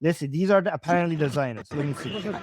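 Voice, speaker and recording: A man's voice: a little high, fast talker, noisy background. A man with a Persian accent giving casual live commentary on videos, thinking aloud with frequent restarts and self-corrections.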